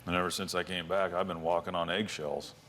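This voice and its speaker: A man with a low voice who speaks haltingly, stumbling over his words as he defends himself against his wife. He sounds guarded and a little worn down on the studio set. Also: fairly even intonation, a bit bright, slight background noise. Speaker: guest. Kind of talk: heated argument with spouse.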